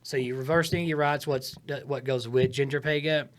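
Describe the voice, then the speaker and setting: A man in casual podcast talk, coaching comedy writing in an emphatic, animated way, shifting his tone for effect. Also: medium pitch, moderate pace. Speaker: comedian giving writing advice.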